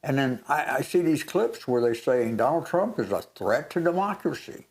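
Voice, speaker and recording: Older male co-host, casual storyteller, mid-pitched, lively re-enactments. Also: normal speed. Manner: animated storytelling, re-enacts moments. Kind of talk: casual chat.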